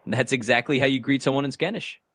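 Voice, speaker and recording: A man's voice: mid-range voice, fast, heavy background noise. A synthetic man's voice working as an AI assistant, cheery and agreeable in its replies. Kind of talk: upbeat chatbot replies.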